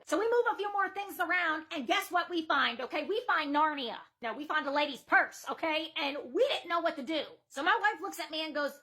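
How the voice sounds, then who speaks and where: A young woman telling a comedic story, animated, firing off punchlines and acting out what others said. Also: sits high. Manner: animated, quick punchlines, acts out others' lines.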